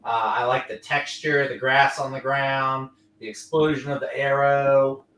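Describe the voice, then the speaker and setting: Guy on a comics panel listing what he likes, bright voice, sounds far off in an echoey room. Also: mid-range voice, measured pace. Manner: steady, listing points in order. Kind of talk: casual panel chat. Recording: roomy, distant mic.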